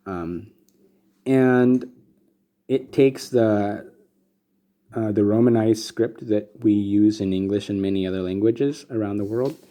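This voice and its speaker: A man explaining Sanskrit script and meter as a teacher, relaxed and casual, with many pauses and fillers. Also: lowish voice. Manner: relaxed, many ums and restarts. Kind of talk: explanatory lesson with slides.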